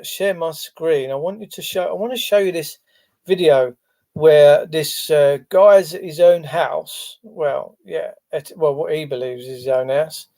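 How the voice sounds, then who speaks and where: Male stream host: a touch high, mellow and soft-edged, loose and chatty. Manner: rambling, chatty, lots of fillers. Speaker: livestream host. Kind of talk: casual live-stream chat.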